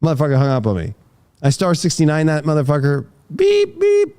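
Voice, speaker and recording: A man's voice: a little high, quick pace, a little mellow, smooth. A man hosting a casual podcast conversation, telling rambling stories with plenty of swearing. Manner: profane, rambling storytelling. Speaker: tarot reader and podcast host.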